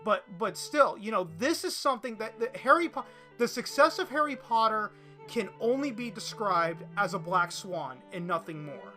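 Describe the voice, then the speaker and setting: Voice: mid-range voice, lively intonation, normal speed, pushed and bright, faint music behind. A podcast host delivering an opinion monologue and reading articles aloud, often restarting and repeating words.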